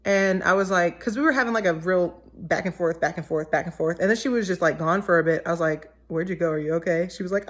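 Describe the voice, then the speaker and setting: A woman's voice: medium pitch, expressive, brisk. A teenage girl and singer-songwriter chatting casually, rambling and often correcting herself mid-sentence. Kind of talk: casual chat.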